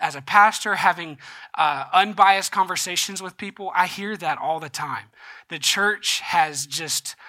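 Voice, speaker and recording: A man's voice: on the high side, pushed and bright. A man preaching a sermon as a pastor, in a conversational way that often checks in with his listeners.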